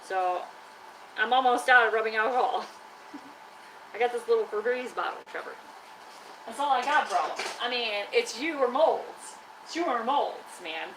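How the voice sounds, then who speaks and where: A woman's voice: a little high, lively intonation, normal speed, pauses often, background noise. A woman chatting casually on a live stream from her workshop, teasing and scolding her trash can like a buddy. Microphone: live-stream camera mic.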